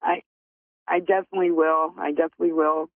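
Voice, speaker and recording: Gravelly-voiced woman caller, emotional and grateful, on a tinny phone line. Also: sits low, flat delivery, fast, dry recording.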